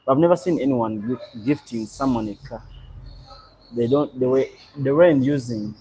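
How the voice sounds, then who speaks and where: A young man from Uganda, hosting a live stream and chatting in a relaxed, rambling way as he answers viewers. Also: medium pitch, moderate pace, a little hiss or hum, low-quality recording. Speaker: livestream host. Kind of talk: casual live stream chat.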